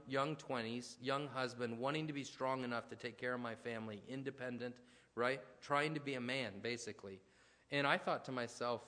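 A man preaching in a relaxed, conversational way, slipping into personal stories and asides. His voice sits at an ordinary middle pitch. A long reverb trails each phrase, as in a church hall. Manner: conversational, storytelling, with restarts and asides. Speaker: pastor. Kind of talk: sermon.

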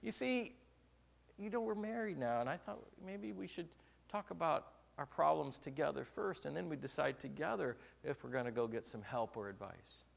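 A man voicing his calm young wife in a sermon story, gently explaining her point. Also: fairly high pitch, normal speed, vocal fry, voice pushed up, full character voice. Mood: gentle.

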